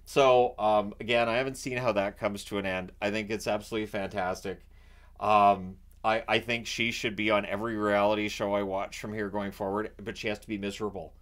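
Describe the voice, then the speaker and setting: A man from Canada chatting casually about a reality show he watches, animated and often restarting his sentences. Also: fairly low pitch, normal speed. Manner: animated, acts out quotes in raised voice; repeats and restarts words often. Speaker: vlogger. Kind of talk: casual chat.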